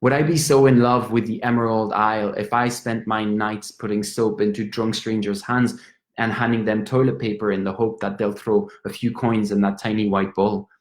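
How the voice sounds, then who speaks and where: A man's voice: fairly low pitch, level tone, normal speed, natural voice. A man with a French accent playing a drunk, apologetic young Frenchman in a stage monologue, rambling and stumbling over his words. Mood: reflective. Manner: rambling, stammering, switches between English and French. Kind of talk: theatrical monologue. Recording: roomy echo.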